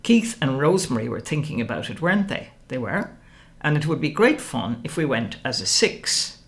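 A woman reading a first-person novel aloud, wry and expressive. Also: extremely low pitch, normal speed. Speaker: audiobook narrator.

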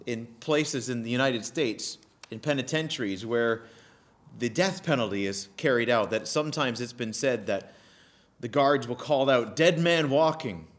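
A man preaching a sermon, emphatic and animated, repeating key phrases with pauses. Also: medium pitch. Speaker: pastor.

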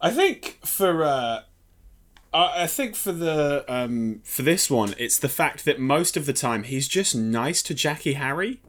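A man's voice: on the high side, animated, a bit bright. Rambling man in a film podcast. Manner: rambling, halting restarts, laughs a lot. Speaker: podcast co-host. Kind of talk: casual film-review chat.

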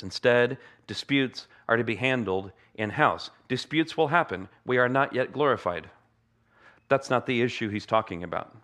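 American pastor preaching and praying. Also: male voice, medium pitch, fairly bright tone. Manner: earnest, conversational preaching with humorous asides. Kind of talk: sermon with opening prayer.

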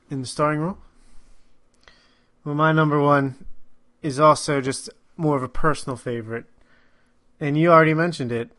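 A man's voice: fairly high pitch, a bit bright. Man, podcast co-host, casual movie talk, laid-back, chuckles and trails off.

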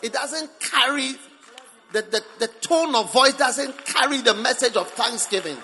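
Male preacher, sermon, bright voice, slow emphatic delivery that jumps from loud to soft, long church reverb. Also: very high-pitched, a little hiss or hum. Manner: emphatic, with sudden swings between loud and soft. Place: church service.

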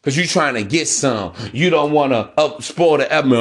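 A man's voice: fairly high pitch, moderate pace, few pauses. A man hosting a podcast in a casual monologue, talking bluntly with profanity and a preachy edge. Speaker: podcast host.

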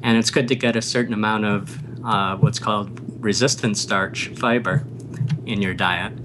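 A man speaking as a podcast guest in a measured, somewhat hesitant way, in casual chat. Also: on the low side, steady tone, background noise.

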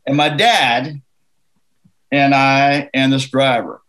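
A man from Canada, a musician guest in a casual interview, telling an anecdote in a lively, laughing way. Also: medium pitch, takes it slowly, poor audio. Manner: animated, laughing anecdote teller.

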